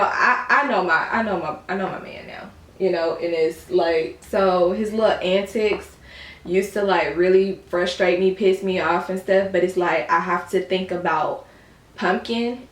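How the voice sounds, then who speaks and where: A woman vlogger chatting casually while doing her makeup, blunt and swearing freely, laughing often. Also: medium pitch. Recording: echoey room.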